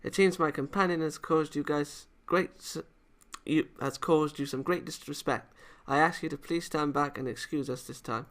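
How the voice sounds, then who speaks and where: A man's voice: on the high side, moderate pace, fairly bright tone. A man voicing a blunt, boyish young female karate fighter who scolds and gets flustered. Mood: formal, solemn. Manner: scolding, flustered, calls people idiot.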